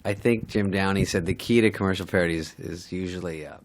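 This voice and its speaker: A middle-aged man with a fairly low voice, telling stories in a dry, wry, self-deprecating way. He is a guest comedian in a casual chat. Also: fairly quick. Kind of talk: casual storytelling with acted quotes.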